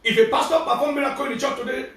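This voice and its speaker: A man with a Nigerian accent preaching a fervent sermon, often shouting as he preaches. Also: extremely high pitch, fairly even intonation, racing. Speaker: prophet preacher. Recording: very echoey, from far off.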